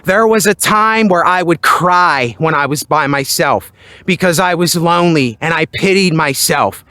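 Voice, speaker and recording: A man vlogging outdoors at night into a handheld microphone, talking loudly and emphatically in a motivational monologue. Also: fairly high pitch, measured pace, no echo. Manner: loud and emphatic. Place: outdoors at night near his building.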